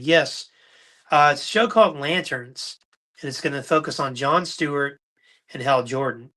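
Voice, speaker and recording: Animated man with a bright, forceful voice. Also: medium pitch, moderate pace. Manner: animated anecdotal storyteller, acts out quotes. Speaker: podcast host. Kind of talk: casual storytelling on a livestream.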